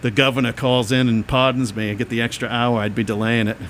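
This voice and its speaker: A man's voice: medium pitch, level tone, quick pace, a bit bright, a little hiss or hum. A man co-hosting a podcast, chatting casually and rambling, with frequent laughs. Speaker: podcast co-host. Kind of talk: casual chat.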